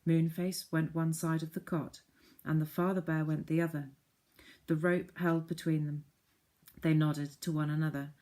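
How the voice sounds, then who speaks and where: A woman narrating a children's storybook with gentle, clear reading. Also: deep voice, level tone, normal speed. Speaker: audiobook narrator.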